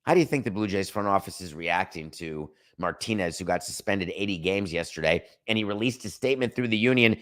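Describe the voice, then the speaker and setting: A middle-aged man with a lowish voice delivers an opinionated sports commentary monologue as host of his show. He is sarcastic and emphatic, hammering his points home and mocking excuses. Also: a little fast, hardly any pauses, a bit bright. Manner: sarcastic, emphatic, rants with mock quotes.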